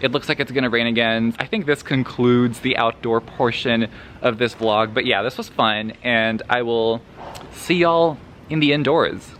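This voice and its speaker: A man's voice: medium pitch, fairly even intonation, moderate pace, fairly bright tone, a little hiss or hum. A man chatting casually in a vlog about a book he is reading, swearing freely and laughing often. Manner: profane, gushing and laughing often. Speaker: book vlogger. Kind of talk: casual spoiler vlog talk.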